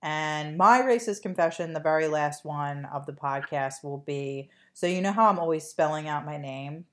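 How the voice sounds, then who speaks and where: A woman with a notably low voice and a non-native English accent chats on her podcast. She rambles loosely, full of ums and likes, slipping in deadpan jokes. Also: moderate pace. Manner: rambling, filler-heavy, joking. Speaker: podcast co-host. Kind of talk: casual chat.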